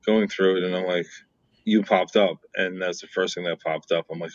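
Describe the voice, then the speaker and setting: A man co-hosting a casual podcast, eager and rambling as he talks. His voice is very deep. The recording sounds dull and lo-fi. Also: fairly even intonation, normal speed. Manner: enthusiastic, rambling. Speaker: podcast co-host.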